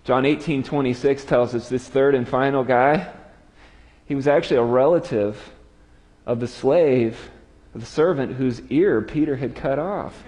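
A man's voice: medium pitch, moderate pace. Brief: male preacher, mid-range voice, dramatic storyteller, long hall echo. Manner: storytelling, dramatic drops to quiet. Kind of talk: sermon.

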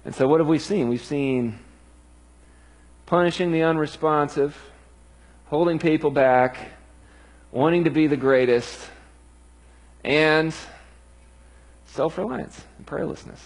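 A man's voice: a little high, slow, long pauses, rough recording. A man preaching a sermon in an earnest, emphatic way.

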